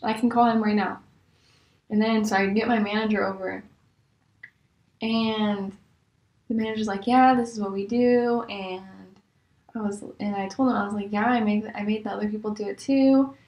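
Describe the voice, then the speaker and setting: Animated young woman vlogger, echoey room. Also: normal speed, lo-fi sound. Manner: animated, exasperated, jumps to high-pitched disbelief. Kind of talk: casual storytelling.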